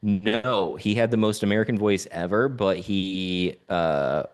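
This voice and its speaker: A man's voice: fairly low pitch, unhurried. A man co-hosting a podcast, chatting casually and rambling enthusiastically about a show he saw. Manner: enthusiastic, rambling with fillers and restarts. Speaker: podcast co-host. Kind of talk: casual chat.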